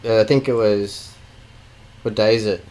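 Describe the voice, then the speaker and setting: A man's voice: lowish voice, fairly even intonation, moderate pace, darkish tone, poor audio. An Australian man co-hosting a podcast, rambling through stories and teasing his co-host. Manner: rambling, teasing, many fillers. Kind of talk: casual chat.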